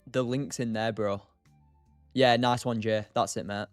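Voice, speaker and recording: A man's voice: mid-range voice, steady tone, a little slow, dry recording. Young male stream host, casual and chatty, dry close mic, faint music bed. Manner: chatty, reads and answers chat by name, laughs often. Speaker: livestream day trader host. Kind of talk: casual live-stream chat.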